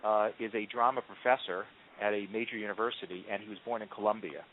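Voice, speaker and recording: A man's voice: lowish voice, quick pace, a little hiss or hum. Man telling stories down a phone line. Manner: animated storyteller, frequent ums and restarts. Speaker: marketing executive guest. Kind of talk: conversational interview answers. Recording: tinny phone-line audio.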